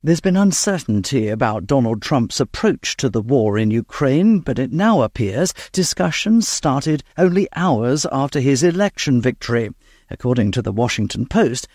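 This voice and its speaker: A man giving a radio news report as a correspondent, in a steady reporting tone. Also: mid-range voice, no echo, studio quality.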